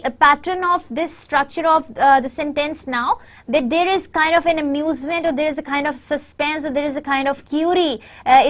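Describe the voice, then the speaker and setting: High-voiced woman lecturing, many fillers. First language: Urdu. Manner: many fillers, reads out example sentences slowly. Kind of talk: university lecture.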